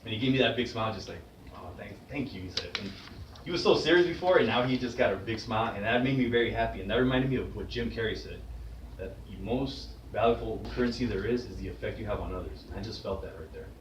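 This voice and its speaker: Motivational speaker, man, lower voice, candid storytelling; distant mic, faint background hiss. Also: fast, roomy sound. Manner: earnest, conversational, with frequent restarts. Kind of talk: personal storytelling speech.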